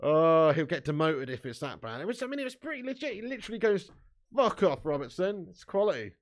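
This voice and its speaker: A man's voice: a little high, fast talker. A man hosting a live football watch-along. He reads chat comments aloud and talks in a casual, sweary way. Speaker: fan channel host.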